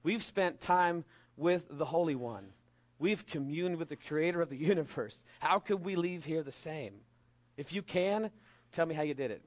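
Animated male preacher telling a story. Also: a little high. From California. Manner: storytelling, animated and jokey, acts out voices. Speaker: pastor. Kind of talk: sermon.

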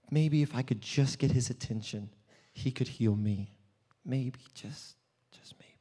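An actor playing an earnest, desperate blind male beggar in a dramatic first-person monologue, swinging between hushed and loud storytelling. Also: medium pitch, close to an everyday voice. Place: church hall. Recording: long church hall reverb.

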